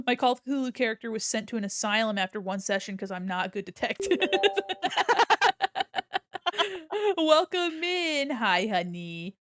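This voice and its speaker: A woman's voice: on the high side, animated, normal speed, long pauses, fairly bright tone, no room sound. A young woman streaming as she draws, chatting casually in a playful manner, laughing often and swearing freely. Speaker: streamer and illustrator. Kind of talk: casual chat while drawing on stream.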